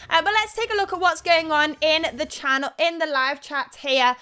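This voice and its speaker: A woman's voice: high voice, moderate pace, bright, forceful tone. A young woman hosting a live crypto news stream, explaining markets and reading chat in a candid, conversational way. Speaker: crypto news show host.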